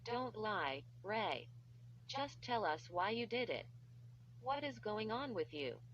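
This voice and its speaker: An exasperated mother scolds her son, read by a woman narrator. She speaks slowly and sternly. The recording sounds dull and lo-fi. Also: medium pitch, big pitch swings, a bit bright, slight background noise, exaggerated voice. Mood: scolding.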